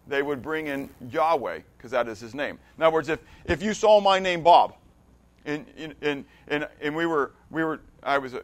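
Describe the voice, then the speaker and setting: A man's voice: fairly high pitch, a bit bright. A man leading an interactive Bible class. He reads scripture aloud with emphasis, often restarts or repeats words, and keeps checking that his listeners follow. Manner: conversational, stops often to check understanding. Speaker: Bible study teacher.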